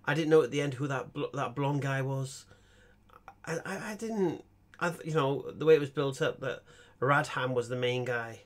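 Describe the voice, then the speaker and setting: A man's voice: mid-range voice, normal speed. A young man, chatting casually about games while streaming, rambling and stammering through restarts. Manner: rambling, stammering restarts, animated bursts of laughter. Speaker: gaming streamer. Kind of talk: casual gaming chat.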